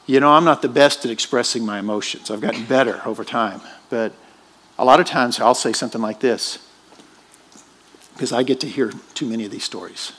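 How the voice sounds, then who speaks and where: A man's voice: mid-range voice, fairly quick, a bit bright. A man preaching a sermon in a church, emphatic and questioning his congregation. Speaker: pastor.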